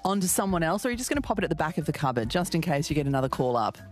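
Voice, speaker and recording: A woman's voice: sits low, very animated, racing, soft background music. An Australian woman co-hosting a radio show with chatty, playful, teasing banter. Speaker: radio co-host. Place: radio studio.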